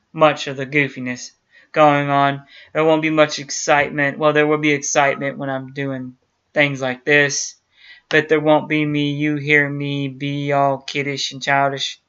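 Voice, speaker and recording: A man's voice: fairly high pitch, bright, forceful tone, smooth. A man hosting a YouTube channel, talking earnestly and directly to his viewers in a casual chat. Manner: earnest, talks straight to viewers. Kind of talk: casual talk to camera. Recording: dull lo-fi sound.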